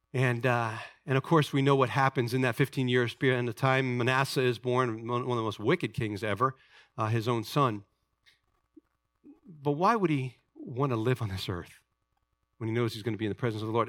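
A man pastor preaching a sermon with passion, building to loud emphatic peaks and acting out scripture quotes. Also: medium pitch, no echo, studio quality. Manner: repeats and restarts words, quoting scripture dramatically.

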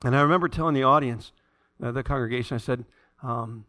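A man's voice: medium pitch, quick pace, fairly bright tone. A man pastor preaching a sermon, reading scripture aloud and mixing in conversational asides and stories, building to emphatic peaks.

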